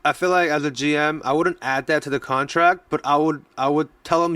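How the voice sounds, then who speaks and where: A man's voice: on the high side, fairly even intonation, fairly quick, fairly bright tone, dry recording, far from the mic. A man co-hosting a sports podcast in casual chat, talking loosely with lots of restarts. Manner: loose and rambling, many restarts and fillers.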